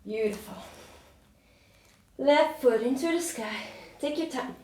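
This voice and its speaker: A woman's voice: high-pitched, takes it slowly, darkish tone. Breathless woman cueing yoga, echoey room. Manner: encouraging, breathy cues with light laughter. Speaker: yoga instructor. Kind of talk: cueing a yoga workout while doing it.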